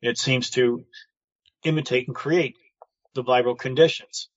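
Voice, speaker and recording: A man's voice: medium pitch, fairly even intonation, measured pace, dry recording. Rambling man on a muffled call. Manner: rambling, speculative, with many restarts. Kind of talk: casual chat on a live online show. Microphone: video call. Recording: dull lo-fi call audio.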